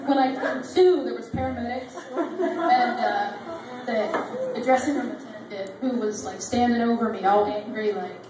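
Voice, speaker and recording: A woman's voice: a little high, moderate pace, crowd noise. A woman in her thirties doing a rambling, self-deprecating stand-up set on a comedy club stage. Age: 30s. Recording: distant mic in an echoey club. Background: audience laughter.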